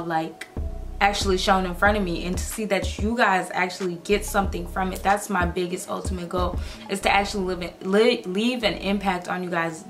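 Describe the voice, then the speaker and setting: A woman in her twenties, a YouTuber talking in a gushing, excitable casual vlog, full of "like"s. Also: medium pitch. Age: 20s.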